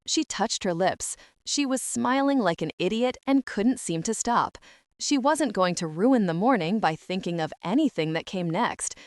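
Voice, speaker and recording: A woman's voice: medium pitch, expressive, moderate pace, no room sound. Woman narrating a novel, dry close sound. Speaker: audiobook narrator. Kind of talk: scripted narration.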